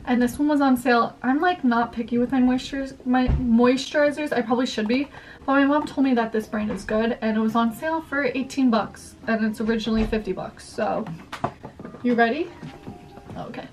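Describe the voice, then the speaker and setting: A young woman with a fairly high voice talks casually and rambles, using "like" constantly as she shows off her purchases. She sits a bit back from the mic, and soft music plays quietly under her voice. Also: brisk, recorded from a distance. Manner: chatty, rambling, heavy use of "like". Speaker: vlogger. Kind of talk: casual haul vlog chat. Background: faint background music.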